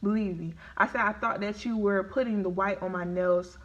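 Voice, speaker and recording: A woman vlogger eating on a live stream recounts a story to her viewers at normal speed, in a medium pitch. She's chatty and animated, says y'all, and the phone or webcam gives it a lo-fi sound.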